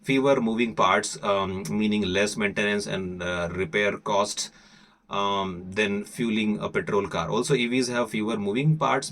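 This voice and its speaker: Man, Indian accent, English teacher, deliberate read-aloud, pauses and hesitations, lowish pitch. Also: a bit bright. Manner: deliberate reading with frequent hesitations. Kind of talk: reading an article aloud for learners.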